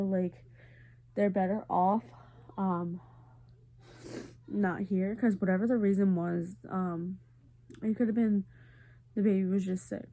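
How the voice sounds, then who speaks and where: A woman's voice: mid-range voice, mellow. A tired, congested woman talking earnestly and confidingly to her camera in a casual personal vlog. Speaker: family vlogger.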